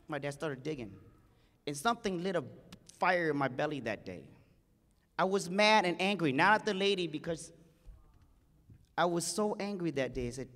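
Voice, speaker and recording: A man's voice: a little high, expressive, moderate pace, long pauses, a bit bright. A man giving a heartfelt speech at a conference, telling a family story with emotion and acting out the quoted voices. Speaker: conference speaker. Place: conference hall stage. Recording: large hall reverb.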